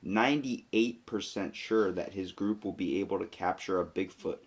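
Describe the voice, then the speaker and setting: Low male podcast co-host, casual, reads facts then jokes around. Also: normal speed, gravelly. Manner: reads facts aloud then riffs jokingly, with fillers.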